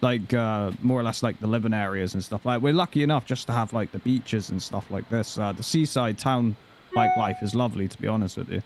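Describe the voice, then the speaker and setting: A man's voice: lowish voice, a little fast, slight background noise. A man from Dorset, England, chatting as a guest on a video call, hesitant with many fillers. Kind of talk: casual chat.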